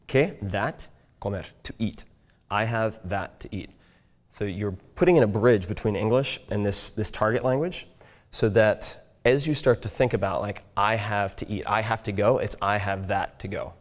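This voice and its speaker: A man's voice: lowish voice, normal speed. A man giving a casual talk on learning languages, checking in with "right?" as he goes. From United States. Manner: conversational, frequent "right?" check-ins. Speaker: speaker teaching language learning.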